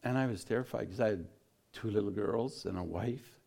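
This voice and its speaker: Low-voiced man recalling a frightening past. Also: creaky. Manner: halting, with restarts and quiet dips at grave moments. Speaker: guest telling a personal story. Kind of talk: casual spoken recollection.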